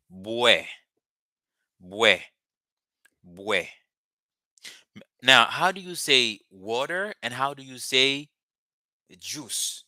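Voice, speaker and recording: A man's voice: mid-range voice, pushed and bright, no echo, studio quality. A man teaching a live language lesson, patiently repeating words and phrases for his students.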